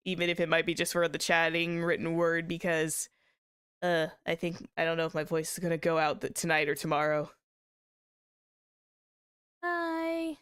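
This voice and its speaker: A woman's voice: on the low side, a bit bright, clear, resonant tone. A woman streamer chatting casually with viewers, rambling with many restarts and small laughs. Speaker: VTuber streamer.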